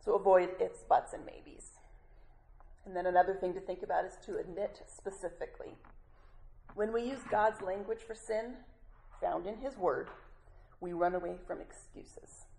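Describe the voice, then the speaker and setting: A woman with a low, heavily gravelly voice leads a women's Bible study, talking to the group as ladies. She chats through her points, laughs between them and fixes her own words mid-sentence, with a faint hum of noise behind her. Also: normal speed, dark tone, rough recording. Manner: corrects herself mid-sentence. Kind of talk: Bible study teaching talk.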